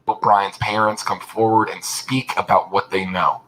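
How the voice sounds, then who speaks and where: Earnest lower-voiced man urging patience. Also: flat delivery, normal speed, fairly bright tone. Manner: earnest, repeats himself while speaking off the cuff. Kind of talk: press statement.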